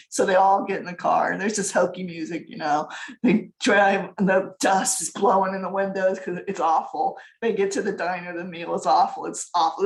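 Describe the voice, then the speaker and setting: A woman's voice: medium pitch, creaky, reverberant. A middle-aged woman giving a casual business workshop talk, chatty and often laughing as she tells stories.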